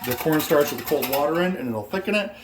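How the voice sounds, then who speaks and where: A man's voice: fairly high pitch, expressive, fast talker, noisy background. A middle-aged man cooking in his home kitchen for a casual vlog, talking in a brash, joking, boastful way. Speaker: home cook vlogger.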